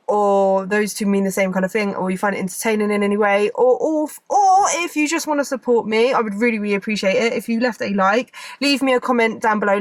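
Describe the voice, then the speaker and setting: A woman's voice: medium pitch, dry recording. A woman in her thirties from England, chatting casually to camera from inside her car, rambling with lots of fillers. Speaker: vlogger.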